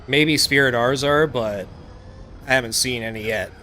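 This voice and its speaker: A man hosting a live game stream, talking casually in a relaxed, rambling way with lots of filler words. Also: mid-range voice, normal speed, slight background noise. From United States. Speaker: livestream gaming host. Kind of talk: casual live-stream chat while playing.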